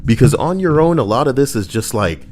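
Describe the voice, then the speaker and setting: A man hosting a video, delivering an animated, profane commentary rant. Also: fairly quick, faint music behind. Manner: animated, profane, swinging up and down in pitch. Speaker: video host.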